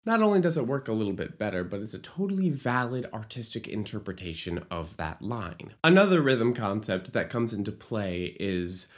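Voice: mid-range voice, very animated, moderate pace, few pauses. A musical theater writer explaining lyric writing in an educational video, with playful asides and short sung examples. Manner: playful asides, jokes about own bad accent.

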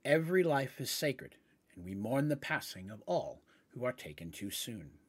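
A man voicing a kind young male minotaur with a very deep, calm and soothing voice, in a tabletop game. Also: moderate pace, husky.

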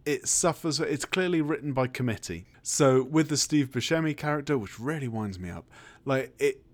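A man's voice: mid-range voice, lively intonation, normal speed. A man hosting a podcast, chatting about a film in a wry, talkative way and asking leading questions. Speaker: podcast host. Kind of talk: casual film chat.

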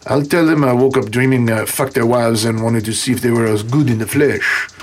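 A man voicing a brash, crude man just woken from a long sleep, talking weakly with a croak. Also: medium pitch, a little fast, close to an everyday voice. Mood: cocky.

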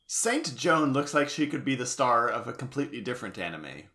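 A man's voice: medium pitch, big pitch swings, a little fast, sharp tone. A man co-hosting a podcast in casual chat, adding wry, joking asides. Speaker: podcast co-host.

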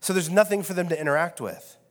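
Wry pastor, reverberant church hall. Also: male voice, high voice, fast. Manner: casual and wry, with many fillers. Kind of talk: conversational sermon. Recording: long reverb of a large hall.

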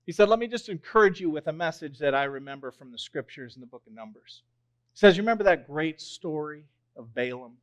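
A young pastor preaches a sermon, telling a story with animation and swelling loud on key phrases. His voice is a little high and his pace brisk.

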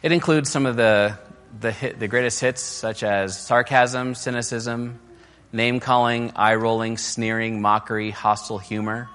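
A man's voice: mid-range voice, little pitch movement, moderate pace, fairly bright tone. Man preaching in a reverberant hall. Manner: casual and conversational, with fillers and restarts; acts out quoted criticisms in a raised, mocking voice. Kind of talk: conversational sermon.

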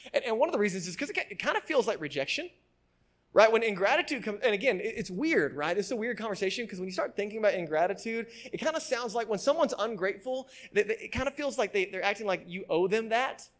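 Pastor, male, fairly high voice, casual sermon delivery with restarts and "right?" check-ins. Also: lively intonation, fast, fairly bright tone. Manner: keeps checking in with the congregation with "right?"; frequent word repeats and restarts. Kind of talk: conversational sermon.

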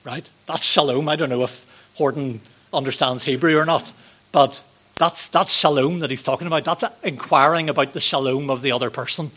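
A man's voice: mid-range voice, a little fast. Conversational man preaching. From Northern Ireland. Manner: gentle, conversational, with frequent ums and rhetorical questions. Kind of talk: sermon.

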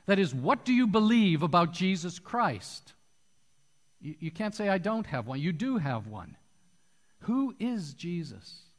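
Man, pastor, sermon, high-pitched voice, animated storyteller, long reverb of a church hall. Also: normal speed.

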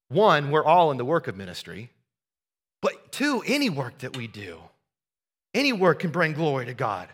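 A middle-aged male pastor preaching a sermon, swinging from loud emphatic lines to hushed, tender ones. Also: high voice.

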